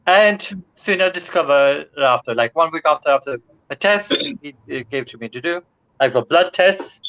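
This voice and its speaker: A man from Mauritius, a guest on a video-call interview, telling his story in a halting way and searching for words. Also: fairly high pitch, lively intonation, fairly bright tone, dull audio. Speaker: guest speaker.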